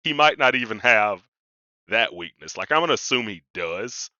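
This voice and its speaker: Casual man with a bright, slightly dull-sounding voice. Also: fairly low pitch, animated, moderate pace, no echo. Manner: casual and conversational, uses "like" often. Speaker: podcast co-host. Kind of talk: casual discussion of comics and psychology.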